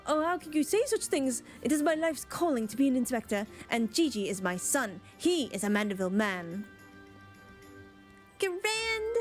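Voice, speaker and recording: Hildibrand, a grandiose, self-important gentleman detective from a fantasy game, as a woman reads him aloud. He speaks in flowery, showy phrases and sits a touch high for a man. His manner is puffed up and dramatic. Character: pompous theatrical male gentleman inspector.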